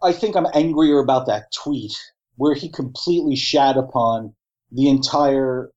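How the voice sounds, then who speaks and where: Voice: medium pitch, unhurried, darkish tone. Middle-aged new york area host, blunt cussing political rant, kinda muffled lo-fi sound. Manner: blunt, profane, ranting. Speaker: podcast co-host. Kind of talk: political commentary chat.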